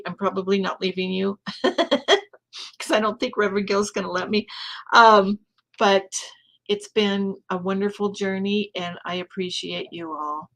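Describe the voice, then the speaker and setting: Slow, emotional woman minister saying thanks. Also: mid-range voice, a bit bright. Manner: emotional, grateful, halting. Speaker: departing minister. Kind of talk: heartfelt thank-you speech in a service.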